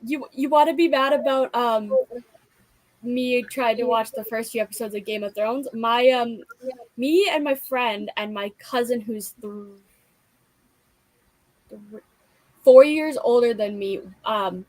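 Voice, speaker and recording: A young woman in an easy, rambling chat about books, slipping in filler after filler. Her voice sits a little high, and the sound is close and dry, with no room around it. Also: measured pace, long pauses, darkish tone, no room sound, rough recording. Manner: rambling, heavy use of filler like. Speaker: booktube host. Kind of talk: casual chat.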